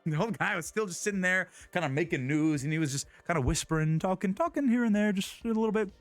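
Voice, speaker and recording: A man's voice: high voice, lively intonation, fast, no echo, soft background music. A young man streaming live and telling a story in casual, rambling chat. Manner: rambling, many restarts and laughs.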